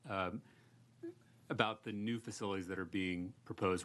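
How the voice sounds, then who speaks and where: Low-voiced earnest legislator, a man. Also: a bit bright. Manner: earnest, rhetorical, questioning. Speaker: state legislator. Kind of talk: committee hearing remarks.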